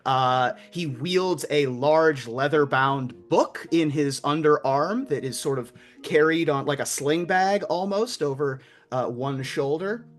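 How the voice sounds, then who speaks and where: A man describing his character in a tabletop game, slow and measured, with some fillers. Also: fairly high pitch, faint music behind. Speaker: player.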